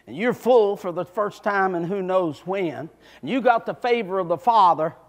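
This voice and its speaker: A male preacher delivers a fervent sermon, often shouting and then dropping into folksy asides. His voice sits very high for a man. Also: moderate pace.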